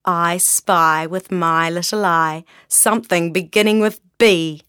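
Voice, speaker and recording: A woman voicing a calm, matter-of-fact boy rock creature in a storybook, speaking slowly and mildly. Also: on the low side, clean tone, dry recording, studio quality. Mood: playful.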